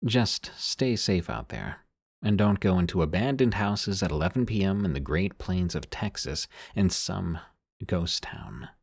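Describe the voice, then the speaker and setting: A man reading listener-sent scary stories aloud as a narrator, in a measured storytelling delivery that sinks quieter on the eerie lines. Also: deep voice, very animated, creaky, husky, no room sound, studio quality.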